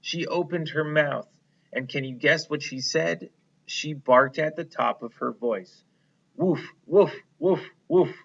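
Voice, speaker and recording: A man's voice: fairly high pitch, a little slow, gravelly, pushed and bright, dull audio. A male elementary school teacher reading a picture book aloud and explaining it to young children in a patient, encouraging way.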